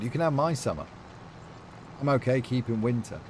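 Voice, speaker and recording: With a sing-song, mid-range voice at normal speed, a man chats casually while streaming a farming game, over slight background noise. He wanders from topic to topic, reads chat messages out loud, and uses many fillers.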